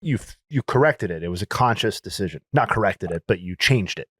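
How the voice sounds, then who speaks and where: A man's voice: fairly low pitch, lively intonation, fairly quick, fairly bright tone, breathy edge, no echo, studio quality. A man co-hosting a podcast, easygoing, asking follow-up questions and musing casually. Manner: easygoing, prompting questions and short agreements. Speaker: podcast co-host. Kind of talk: casual chat.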